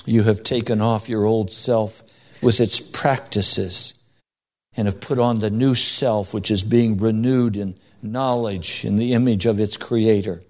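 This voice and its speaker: A man's voice: on the low side, fairly even intonation, measured pace, darkish tone. A man preaching a sermon with emphatic delivery, rising and falling for stress, acting out quoted voices in his stories. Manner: acts out quoted voices in anecdotes.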